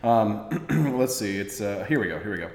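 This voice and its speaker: A man hosting a casual political talk show, chatting in an animated, rambling, jokey way. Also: on the low side, moderate pace, reverberant, long reverb tail. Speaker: host.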